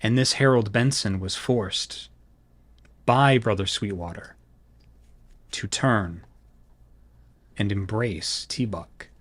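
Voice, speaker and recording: A man narrating a tabletop horror game as storyteller, in slow, hushed descriptive narration. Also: lowish voice, no echo.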